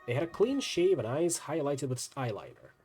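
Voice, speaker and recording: A man streaming and reading a story game aloud, with casual asides, in a lively, expressive way. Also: a little high, moderate pace, husky, soft background music.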